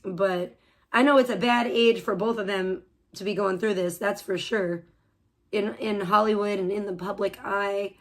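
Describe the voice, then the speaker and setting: A woman's voice: medium pitch, fairly even intonation, normal speed. A woman live streamer ranting crudely, hurling insults and rambling on. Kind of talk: profane livestream rant.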